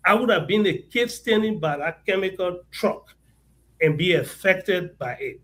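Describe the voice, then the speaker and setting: Passionate high-voiced Liberian man. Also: expressive, a little slow, a bit bright, rough recording. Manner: passionate, repeats words while searching. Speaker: guest advocate. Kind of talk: impassioned talk-show interview.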